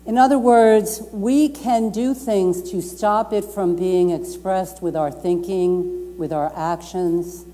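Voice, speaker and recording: A woman's voice: mid-range voice, fairly even intonation, slow pace, hardly any pauses, mellow. A woman reverend preaching a Sunday sermon, stressing and repeating her key phrases and inviting the congregation to speak along. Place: community lounge at a YMCA. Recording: long reverb from a lounge room.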